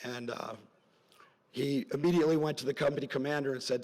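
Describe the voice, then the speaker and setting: At a graduation ceremony in a large hall, a middle-aged man gives a parent's speech as a story, medium-pitched, fairly even, a little fast. He's earnest and rambling with side stories, his voice going soft at emotional points, with long hall reverb.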